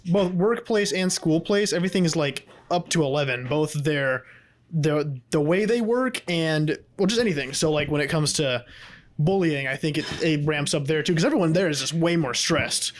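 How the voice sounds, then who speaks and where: Slightly high-voiced man, rambling podcast chat. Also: moderate pace. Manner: rambling, profane, many restarts. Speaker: podcast co-host.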